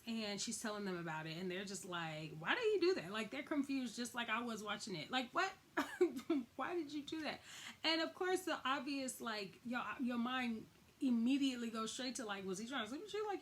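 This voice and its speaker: Young woman, casual TV recap host, AAVE lilt, fairly high voice, animated retelling. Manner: chatty, animated, heavy use of "like", acts out quotes.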